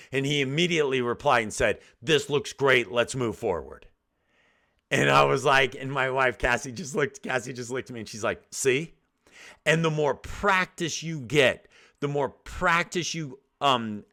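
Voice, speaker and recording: A man's voice: mid-range voice, pushed and bright. A middle-aged man hosting a motivational talk, telling earnest stories with frequent restarts. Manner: earnest storytelling with self-quotes and restarts. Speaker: podcast host.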